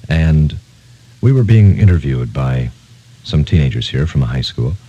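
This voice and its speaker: A man's voice: very deep voice, very animated, moderate pace, mellow, husky, lo-fi sound. A man working as a radio disc jockey, talking on air in a rambling, heartfelt, sentimental way from a studio. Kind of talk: casual on-air radio talk. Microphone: studio microphone.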